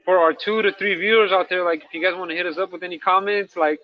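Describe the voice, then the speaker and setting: A man's voice: high voice, fairly even intonation, fast talker, no echo. A man co-hosting a candid casual talk show, rambling in slang and checking in with "right?" as he goes, recorded with dull lo-fi sound. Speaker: podcast co-host, incarcerated dog trainer.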